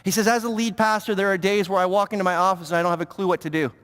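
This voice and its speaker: High-voiced pastor in an echoey hall. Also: male voice, very fast. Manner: animated, stammering repetitions, mock-pious impressions. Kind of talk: sermon. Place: church sanctuary. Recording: long reverb of a church hall.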